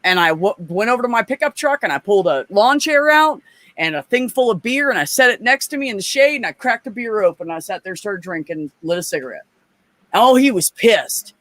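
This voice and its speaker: A woman telling profane, animated stories in a casual chat as a guest. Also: medium pitch, brisk, no echo.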